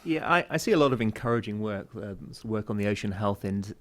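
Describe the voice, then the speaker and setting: A man's voice: fairly low pitch, expressive, quick pace. A man answering questions on a panel discussion, hesitant, with many fillers and restarts; he teaches classes. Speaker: university teacher.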